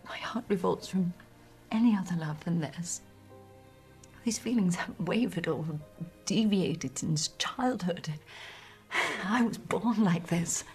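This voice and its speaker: An actress playing an earnest 19th-century gentlewoman who speaks in a low, intimate, almost whispered way. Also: slow pace, soft background music. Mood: earnest, tender. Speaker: actress in a period drama clip. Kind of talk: period drama acting.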